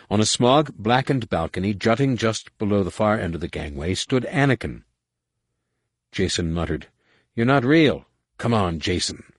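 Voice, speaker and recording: Guy with a lowish voice reading an action novel, dramatic pacing, dry close sound. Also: slightly rough, dry recording. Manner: dramatic, measured storytelling. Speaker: audiobook narrator. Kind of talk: scripted narration.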